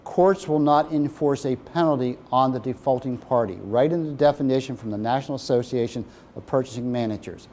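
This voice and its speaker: A man's voice: medium pitch, fairly quick, a little mellow, slight background noise. A man teaching a procurement course, reading out definitions and asking the class questions. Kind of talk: classroom lecture.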